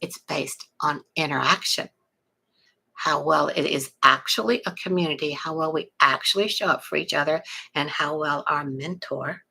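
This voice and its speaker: A middle-aged woman from South Texas with a Texan accent, chatting casually on a live stream, greeting viewers and pitching a webinar in a folksy way. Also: moderate pace, creaky, bright, forceful tone, breathy edge, rough recording. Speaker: online marketing promoter.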